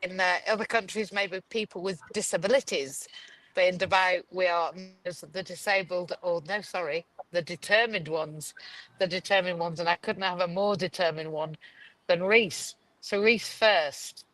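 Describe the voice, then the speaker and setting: A woman's voice: on the low side, fairly even intonation, normal speed, fairly bright tone, low-quality recording. A woman with a Yorkshire accent hosting a live video chat, gushing and rambling with many restarts, talking over a video call. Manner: rambling, effusive, restarts often. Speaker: host. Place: Dubai.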